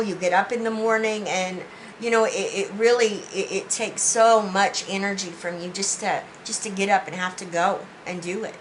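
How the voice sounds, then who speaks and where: A woman's voice: mid-range voice, fairly bright tone, slight background noise, low-quality recording. A woman giving a spiritual tarot reading, speaking in an earnest, heartfelt way with many restarts. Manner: earnest, heartfelt, often says "you know". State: emotional, near tears. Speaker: tarot reader.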